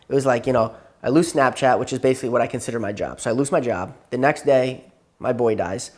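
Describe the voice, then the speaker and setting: A man's voice: medium pitch, quick pace, darkish tone. A man telling a long story to his therapist, rambling and repeating himself, tired and burnt out. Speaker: client in therapy session.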